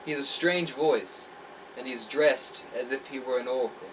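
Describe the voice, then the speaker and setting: A man casually reading his own story aloud in a relaxed, offhand way. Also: medium pitch, moderate pace. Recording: distant mic, faint air-conditioner hum. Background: faint air-conditioner hum.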